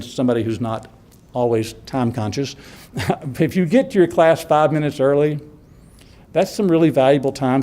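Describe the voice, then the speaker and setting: Man, workshop presenter, conversational, chuckling, mid-pitched voice. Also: mellow. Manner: conversational, chuckles often, acts out student questions. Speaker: workshop presenter for college instructors. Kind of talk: casual workshop talk.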